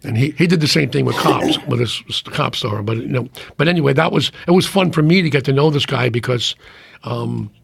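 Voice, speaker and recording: A man's voice: medium pitch, a little fast, vocal fry. A middle-aged man, a podcast guest, talking in casual conversation and rambling with many restarts. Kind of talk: casual chat.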